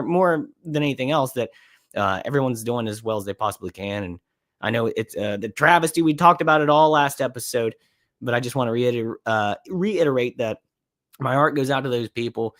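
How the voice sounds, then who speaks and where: A man hosts a casual live podcast stream, reacting to clips at an ordinary, mid-range pitch. He talks in a laid-back, rambling way and thinks aloud as he goes. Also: animated, a little fast, fairly bright tone. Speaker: livestream podcast host.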